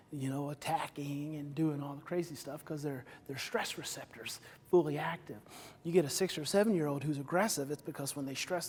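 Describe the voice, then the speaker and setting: Energetic man speaking in a reverberant hall. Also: on the high side, husky. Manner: energetic, repetitive, rising to loud emphatic bursts. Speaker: speaker on stage. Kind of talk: live talk to an audience.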